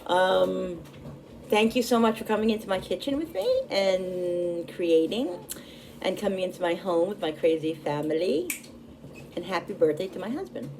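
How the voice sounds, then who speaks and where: A woman's voice: lowish voice, moderate pace, background noise. A woman in her fifties hosting a casual home cooking vlog from her kitchen, chatty and bubbly, laughing often. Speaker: cooking channel host.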